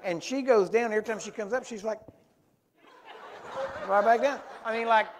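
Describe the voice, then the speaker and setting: A man's voice: high-pitched, fast, slight background noise. A male preacher with a slightly raised voice spins loose, winding stories from the pulpit, correcting himself as he goes. He wears a small clip-on microphone in a church. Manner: rambling anecdotes with self-corrections, grows animated. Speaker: guest preacher. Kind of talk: storytelling sermon. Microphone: small wearable microphone.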